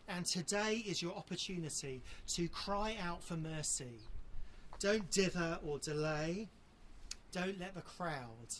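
An earnest preacher delivering a sermon, speaking straight to the congregation in a mid-range voice. Key phrases come back again and again, drawn out slowly for weight. A faint hiss of noise sits under the speech. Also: medium pitch. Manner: appeals directly to listeners.

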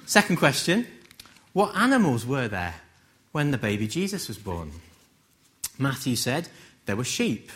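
A man from England giving a conversational sermon, gently humorous and full of rhetorical questions. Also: medium pitch, big pitch swings, a little slow, slight background noise. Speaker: preacher.

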